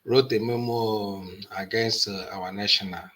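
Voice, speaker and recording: A man speaking as a guest on a talk show, halting often with uh pauses. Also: on the low side, steady tone, sharp tone. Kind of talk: call-in discussion.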